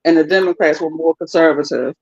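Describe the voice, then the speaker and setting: Co-host, casual chat, quick agreeing interjections, dry and muffled recording. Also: medium pitch, steady tone, vocal fry, no room sound.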